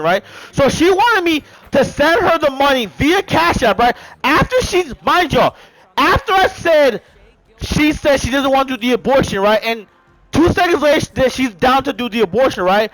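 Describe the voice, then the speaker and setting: A man with a high voice tells a casual storytime monologue. He is animated and profane and keeps tagging his sentences with "bro" and "right?". The sound is dry and close. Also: moderate pace, dry recording, low-quality recording. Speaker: storyteller vlogger.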